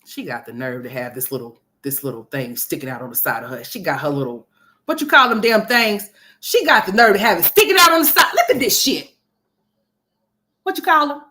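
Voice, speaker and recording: A woman's voice: medium pitch, big pitch swings, brisk, sharp tone. A woman hosting a gossip commentary livestream, brash and profane, rambling and talking straight to her viewers. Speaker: commentary host.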